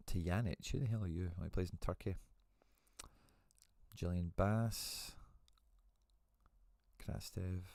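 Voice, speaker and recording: Man, low-pitched, live-stream host, chatty, thinking aloud, dry close sound. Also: steady tone, slow pace, gravelly, long pauses, darkish tone, no echo. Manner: chatty, thinks aloud, reads out viewer comments.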